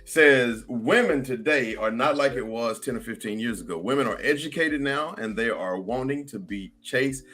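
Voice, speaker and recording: A man's voice: medium pitch, moderate pace, few pauses, a bit bright, breathy edge. A middle-aged man, hosting a casual panel chat and reading viewer comments aloud. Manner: laid-back, reads viewer comments aloud. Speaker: podcast host.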